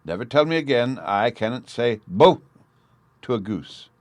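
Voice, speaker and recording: A man's voice: mid-range voice, lively intonation, measured pace, dry recording, pitched above the performer's own voice, close to an everyday voice. A man reading an audiobook, voicing a testy, scornful husband who snaps and sneers. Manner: snappish and scornful.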